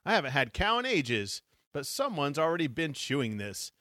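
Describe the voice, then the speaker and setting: Guy reading as a jumpy hungry griffin, kinda high, dry sound. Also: sing-song, normal speed, sharp tone, no echo. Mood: skittish. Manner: nervous, squawking, skittish. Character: nervous, hungry male griffin.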